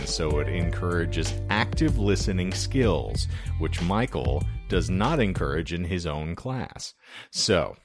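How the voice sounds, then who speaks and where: A man with a low, deep voice hosts a casual comedy podcast. His pitch swings widely as he jokes crudely with his co-hosts, and faint music sits under his talk. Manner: crude joking, animated. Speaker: podcast host.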